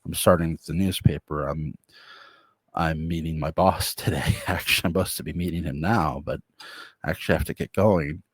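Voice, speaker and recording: A brisk young female reporter, rushing through her introduction in a chatty way, as a man puts her on. The voice stays fairly low and the sound is dry. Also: steady tone, husky, no room sound. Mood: hurried. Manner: rushed, chatty.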